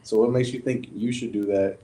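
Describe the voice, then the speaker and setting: A man's voice: on the low side, steady tone, brisk, warm tone, slight background noise. A male podcast co-host who agrees with his partner, then preaches on scripture in a casual way. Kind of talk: casual religious talk.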